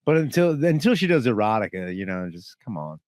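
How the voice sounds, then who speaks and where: A man's voice: on the low side, sing-song, fairly quick, a little mellow. A man who is a comedian guest on a podcast, bantering casually with crude jokes.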